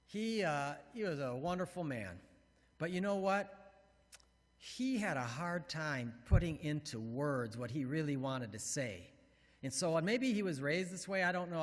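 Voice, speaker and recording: A man in his fifties, a pastor, preaching a sermon with animated storytelling and playful acted-out quotes. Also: on the high side, long reverb tail. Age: 50s. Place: church sanctuary.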